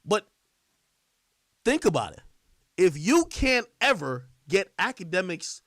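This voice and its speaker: A man's voice: high-pitched, very animated, a bit bright, no room sound, clean studio sound. A man giving a repetitive, insistent monologue on a livestream, played in a clip. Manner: repetitive, insistent, drawn-out phrasing. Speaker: streamer in clip.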